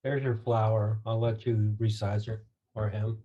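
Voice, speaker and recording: A man narrating as game master in a tabletop game, relaxed and hesitant. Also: fairly low pitch, moderate pace, highs cut off.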